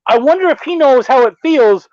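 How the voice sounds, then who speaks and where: Profane, animated middle-aged man. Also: very high voice, normal speed, no room sound. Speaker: podcast host. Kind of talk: casual chat. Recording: dull dry lo-fi sound.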